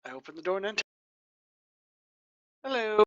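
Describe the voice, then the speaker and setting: A player in a tabletop game, chatty and full of quick asides. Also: medium pitch, very animated, dry recording, highs cut off. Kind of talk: playing a character in a tabletop game.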